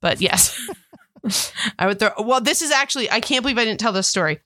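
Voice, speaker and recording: Animated woman telling stories, dry mic. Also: on the high side, a little fast, no room sound. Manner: animated storyteller, acts out quoted voices. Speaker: podcast co-host. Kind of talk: casual chat.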